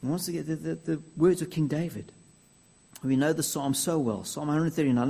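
A man preaching a sermon earnestly, dropping to soft near-whispers and rising to loud declaiming. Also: fairly high pitch, fairly quick, creaky, slightly rough.

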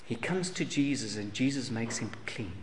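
A man preaching a sermon in earnest, pressing rhetorical questions and swinging between loud emphasis and hushed lines. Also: medium pitch, animated, normal speed. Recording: long hall reverb, faint noise.

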